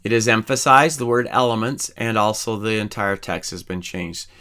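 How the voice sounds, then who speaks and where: A man teaching a programming lesson, calmly walking through each step as he types code. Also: lowish voice, normal speed, clean tone. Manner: calm, methodical, explains each step while typing. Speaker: programming instructor. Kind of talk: screen-recorded coding tutorial.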